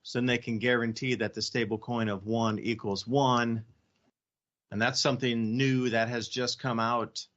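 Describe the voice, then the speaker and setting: Male talk radio host, mid-pitched, sarcastic asides, slightly muffled audio. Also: little pitch movement, normal speed, a bit bright.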